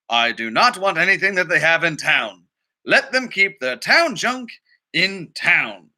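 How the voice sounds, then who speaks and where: Storybook grump, a man acting out a cranky stubborn old fellow, exasperated and shouty, with a bright voice. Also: sits high, exaggerated voice.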